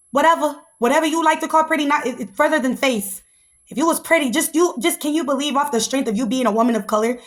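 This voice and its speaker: A young woman talks in a sassy, animated podcast monologue. Her voice sits high for a woman. She rants casually and keeps her listeners in on it. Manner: animated and sassy, slips into mocking put-on voices. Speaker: podcast host.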